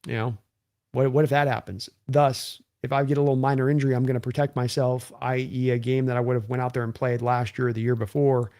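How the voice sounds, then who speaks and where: A man's voice: medium pitch, little pitch movement, fast, a little mellow. A man hosting a live stream, talking casually and rambling through game commentary while reading viewer donations. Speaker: livestream host.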